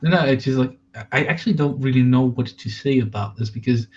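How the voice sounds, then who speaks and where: A man's voice: medium pitch, fast, darkish tone. Sarcastic man on a dull lo-fi mic. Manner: dry, sarcastic remarks. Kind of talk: casual group chat. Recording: dull lo-fi mic with faint noise.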